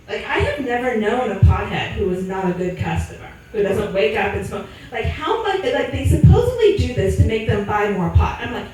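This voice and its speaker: High, lively woman doing crude stand-up. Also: normal speed, hardly any pauses, a little hiss or hum. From Sacramento, California. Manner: crude, self-deprecating storytelling. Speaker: stand-up comedian. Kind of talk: stand-up comedy set. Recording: echoey room mic'd from a distance.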